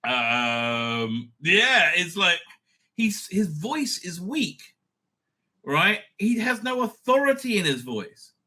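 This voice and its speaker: A middle-aged man hosting a casual TV review, excitable and blunt, swearing freely, laughing often and trailing off mid-thought. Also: high-pitched, takes it slowly. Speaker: show host reviewing TV episodes. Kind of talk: casual rambling review monologue.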